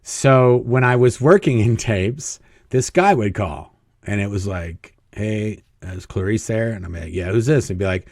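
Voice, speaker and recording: A man's voice: lowish voice, normal speed, a little mellow, no room sound, clean studio sound. A man as an interview guest, telling stories casually, chuckling often and acting out quoted dialogue. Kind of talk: casual storytelling.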